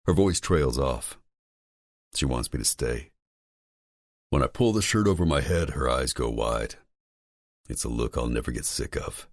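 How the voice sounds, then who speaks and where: A man narrating a romance audiobook in the first person, in a relaxed, intimate, expressive way. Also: very deep voice, normal speed, dry recording, clean studio sound.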